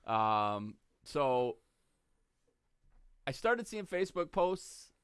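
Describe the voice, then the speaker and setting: A man hosting a casual podcast, telling a story in a relaxed way with many ums and uhs. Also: mid-range voice, very slow, smooth, dry recording. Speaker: podcast host. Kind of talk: casual chat.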